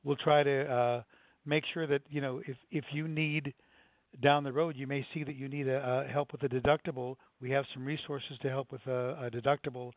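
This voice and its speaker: A man's voice: mid-range voice, dry recording. Older guy telling a story kinda earnestly, lots of restarts, sounds like a phone line. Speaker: nonprofit executive director. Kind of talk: conversational interview answers. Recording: dry, tinny phone-like sound.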